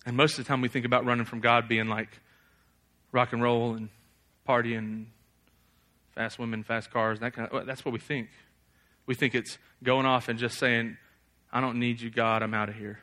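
A young man preaching a sermon, animated, often acting out a figure's angry prayer in a loud raised voice. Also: mid-range voice, moderate pace.

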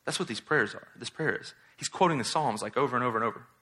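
A man preaching a sermon as pastor, reading scripture and acting out quotes with lively, mocking emphasis. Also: mid-range voice, fast. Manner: animated, mocks in exaggerated voices while quoting.

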